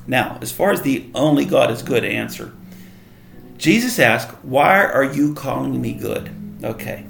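A man's voice: mid-range voice, animated, unhurried, creaky, a bit bright, reverberant, faint music behind. A man leading a casual Bible study, reading verses aloud and explaining them in a conversational way. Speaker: Bible teacher.

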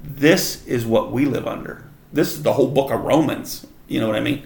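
A man's voice: mid-range voice, moderate pace, gravelly, a little mellow, roomy sound. A man leading a casual Bible study, reading verses aloud and explaining them in a conversational way. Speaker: Bible teacher.

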